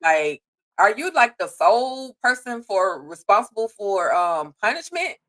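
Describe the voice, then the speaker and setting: Woman, co-host, casual live chat, blunt, expressive, laughs a lot, mid pitch. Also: unhurried, low-quality recording.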